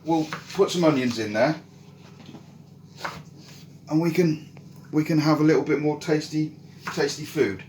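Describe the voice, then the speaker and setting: A man's voice: on the high side, unhurried, long pauses, a little mellow, slight background noise, pitched above the performer's own voice, close to an everyday voice. A man voicing a cheerful, resourceful soldier who coaxes villagers, with an upbeat, hesitant manner. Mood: coaxing. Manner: upbeat, coaxing, hesitant restarts. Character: cheerful, resourceful male soldier cooking stew. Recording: roomy echo.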